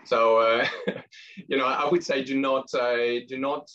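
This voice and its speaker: A man's voice: mid-range voice, steady tone, slow pace, fairly bright tone. A man on a webinar panel, polite and a little hesitant. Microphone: video call. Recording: dull lo-fi call audio.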